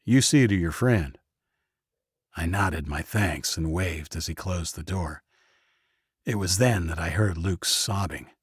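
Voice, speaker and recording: A man's voice: low-pitched, breathy edge, no echo, clean studio sound. A man narrating a first-person audiobook, voicing every character himself.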